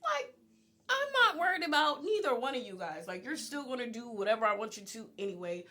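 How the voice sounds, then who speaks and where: Young woman vlogger, high bright voice, candid storytime delivery, laughs through it. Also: sing-song, brisk. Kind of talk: storytime vlog.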